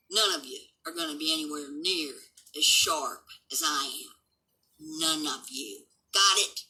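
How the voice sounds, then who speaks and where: A woman's voice: fairly low pitch, pushed and bright, rough recording. Blunt, combative woman in her seventies. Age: 70s. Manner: blunt, combative, swearing, defiant. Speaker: livestream host. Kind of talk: unscripted livestream rant.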